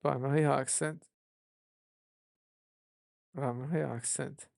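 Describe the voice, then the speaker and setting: Developer streaming live code, thinks aloud, heavy vocal fry, dry close sound. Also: mid-range voice, fairly even intonation, a little mellow, no room sound. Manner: musing, self-questioning, unhurried.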